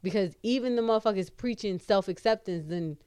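A woman's voice: medium pitch, a little fast, a little mellow, smooth, no echo, clean studio sound. A woman hosting a podcast in casual chat, ranting bluntly and emphatically with heavy swearing. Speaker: podcast host.

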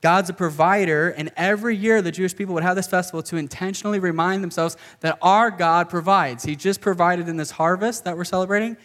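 A man's voice: sits high, fast, hardly any pauses, a bit bright. A man giving a sermon to a live group in a casual, conversational way, often saying "okay" and "like" as he explains. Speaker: pastor.

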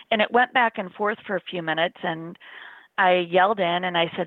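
A middle-aged woman recounts her story as an interview guest, speaking earnestly and plainly, often in the present tense. Her voice sits low. The sound is dry and narrow, like a phone line. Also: fairly quick, no echo. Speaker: interview guest, bereaved mother. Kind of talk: personal account in an interview.

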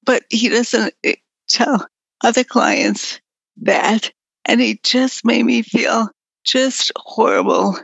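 Speaking slowly in a creaky, slightly rough voice that's on the high side and a bit bright, this woman guest is an artist and writer being interviewed casually. She's frank and blunt, swearing mildly, while her weak voice drifts in and out on a dry but dull lo-fi recording.

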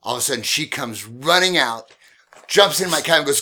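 A man's voice: medium pitch, normal speed. A man telling a casual story about his days driving a cab, laughing often and acting out the people in it. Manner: animated, laughs often, acts out quoted voices. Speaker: podcast guest telling cab stories.

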